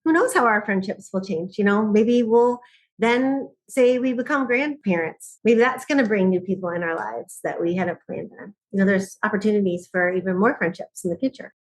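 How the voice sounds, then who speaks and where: A middle-aged woman, a podcast guest who speaks on joy and laughter, telling stories in lively conversation and often laughing. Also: mid-range voice, normal speed. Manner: animated storyteller, often laughing.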